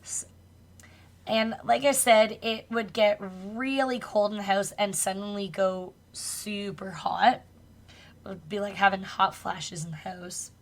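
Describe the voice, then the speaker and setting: A woman co-hosting a podcast tells a spooky true story in a relaxed, chatty way. She swears casually now and then and laughs along with her co-host. Her voice sits in an ordinary middle pitch. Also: measured pace. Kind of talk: casual chat, retelling a true crime story.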